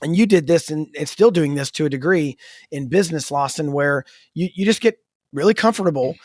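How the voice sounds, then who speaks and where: A man co-hosting a podcast in a casual, storytelling manner. His voice sits a bit high for a man and he tells stories with animation. The sound is dry and close, with no room around it. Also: fairly quick, darkish tone, no echo. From United States. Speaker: podcast co-host. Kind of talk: casual faith-based podcast chat.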